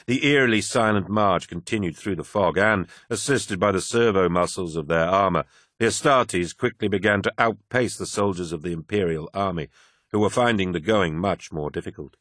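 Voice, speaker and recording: A man narrating an audiobook in a measured, grave manner. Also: sits low, a bit bright, dry recording, studio quality.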